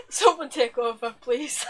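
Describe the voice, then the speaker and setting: A woman co-hosting a casual podcast, talking in a gushing, effusive way. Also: sits high. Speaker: podcast co-host. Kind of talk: casual chat.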